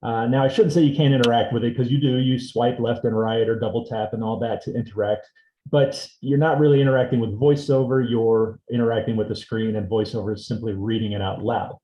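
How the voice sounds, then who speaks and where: A man teaching a seminar on assistive technology, explaining a device demonstration step by step in a relaxed way. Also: medium pitch, brisk, dull audio. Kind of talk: instructional demonstration. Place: indoor seminar room. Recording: roomy echo.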